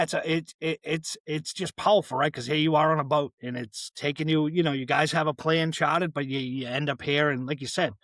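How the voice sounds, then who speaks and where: A man's voice: fairly high pitch, a bit bright, dry recording. A man hosting a podcast, reflecting on his guest's story in a rambling way and often asking "right?". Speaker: podcast host. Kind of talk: casual interview chat.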